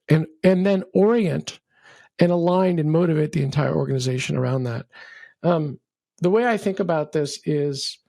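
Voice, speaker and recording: Man, middle-aged, gravelly voice, dry close sound, opinionated interview guest, ranty. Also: on the high side, dry recording. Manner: animated storyteller, acts out quotes, ranty. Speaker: venture capital partner, guest. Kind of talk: conversational interview, opinionated explaining.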